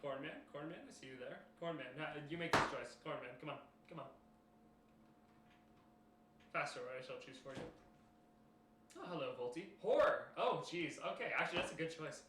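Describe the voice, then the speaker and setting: A man's voice: a little high, fairly quick, bright, forceful tone. A young man streaming live, chatting casually with viewers in a rambling way full of fillers. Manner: rambling, many fillers and restarts, addressing chat. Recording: roomy echo with faint noise.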